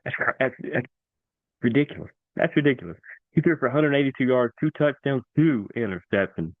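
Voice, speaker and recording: A man hosting a casual sports talk show, excitable and animated, repeating himself for emphasis. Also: medium pitch, a little fast, dry recording. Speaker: sports podcast host. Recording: dry, tinny phone-like sound.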